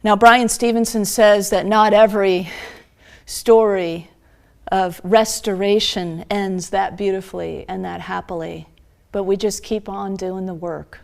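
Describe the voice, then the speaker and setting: A woman minister preaching a sermon, retelling a story earnestly and slowing down for emphasis. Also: medium pitch, steady tone, gravelly, darkish tone.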